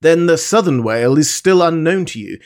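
A man's voice: fairly high pitch, animated, fairly quick, a little mellow, voice pushed up. A man reading the part of a learned professor in an audiobook, inquiring and explanatory. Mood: explaining.

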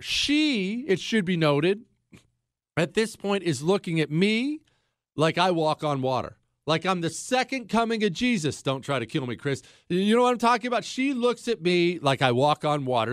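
A man's voice: mid-range voice, no echo, studio quality. A man hosting a podcast, telling a long story in a casual, joking way and talking straight to his listeners. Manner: animated, jokey, addresses listeners directly. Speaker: podcast host.

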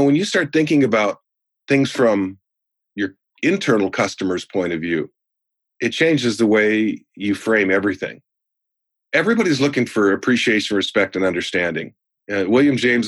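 Older guy with a low husky voice, animated storyteller, dry close sound, sales trainer on a podcast. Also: dry recording. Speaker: guest, sales trainer and speaker.

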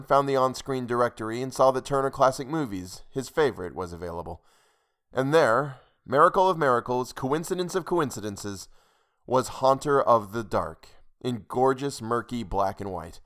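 A man narrating a short story for a podcast, steady and measured. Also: medium pitch. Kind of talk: scripted fiction narration.

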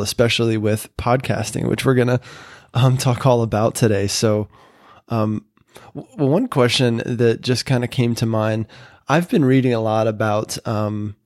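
A man's voice: medium pitch, a little mellow, dry recording, studio quality. A man hosting a podcast, chatting casually with a guest, with lots of fillers and small laughs. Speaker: podcast host. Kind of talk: casual interview chat.

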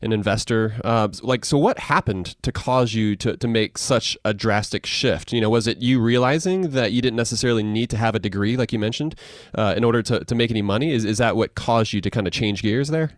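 A podcast host with a lowish voice speaks briskly, asking long, rambling interview questions packed with fillers. The sound is clean studio quality with no echo.

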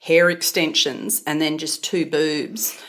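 Wry Australian woman, lowish voice. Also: takes it slowly. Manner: wry, storytelling, deadpan asides. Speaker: podcast co-host. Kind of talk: casual podcast chat.

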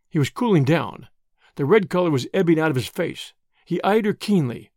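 Expressive male audiobook narrator. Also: on the high side, a little fast, no echo, studio quality. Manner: expressive storytelling. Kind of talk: scripted narration.

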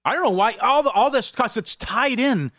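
A middle-aged man co-hosting a sports betting show, telling stories in an animated, rambling way. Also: very high voice, moderate pace, dry recording, clean studio sound. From Superior, Wisconsin. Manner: animated, storytelling, jumps between topics. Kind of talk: casual sports radio banter.

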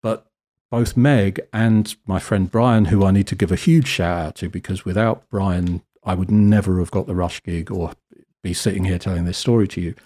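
A British man telling a lively, self-deprecating story as a guest photographer in a casual interview. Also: low-pitched, moderate pace. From Britain. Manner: animated, self-deprecating, acts out quotes.

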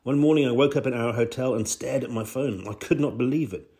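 A man's voice: mid-range voice, brisk, mellow, lightly acted. A man doing a friendly russian emigre woman, eager, plain read-out quote.

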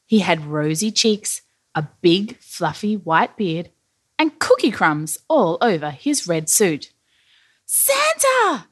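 Lively, slow-paced woman storyteller. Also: on the low side. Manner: animated, playful storyteller. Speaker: storybook narrator. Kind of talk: children's story reading. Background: faint music.

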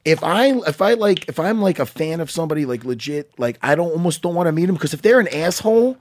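Excitable profane man with a lively voice. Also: fairly high pitch, fast, slight background noise. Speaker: podcast host. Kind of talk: casual podcast banter.

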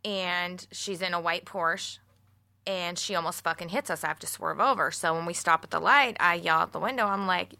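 A woman with a lowish but bright, forward voice tells a story on a casual talk show. She is animated and profane, mixing laughter into her telling. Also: moderate pace, vocal fry. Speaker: podcast co-host. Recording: studio mic, radio show.

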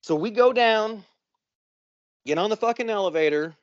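A man's voice: sits high, normal speed, no room sound, muffled recording. A man co-hosting a podcast, telling a story in casual chat, swearing constantly and acting out quotes. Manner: profane, animated, acts out quotes. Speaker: podcast co-host.

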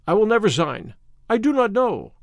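A man's voice: high-pitched, big pitch swings, moderate pace, vocal fry, no echo, studio quality, heavily acted. A man reading an audiobook, voicing a starved, stubborn older Greek man held captive. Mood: defiant. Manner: stubborn, indignant. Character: starved, defiant older Greek male prisoner. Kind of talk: audiobook character voice.

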